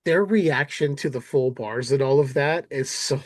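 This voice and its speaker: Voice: mid-range voice, normal speed, no room sound, clean studio sound. A podcast host chatting casually, laughing often and acting out characters' lines. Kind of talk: casual chat. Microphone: recorded on camera setup, remote call.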